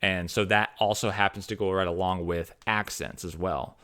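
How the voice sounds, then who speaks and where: Rambling man, low voice. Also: steady tone, normal speed, a bit bright. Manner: rambling, many restarts and fillers. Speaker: fantasy author. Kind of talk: casual opinion monologue.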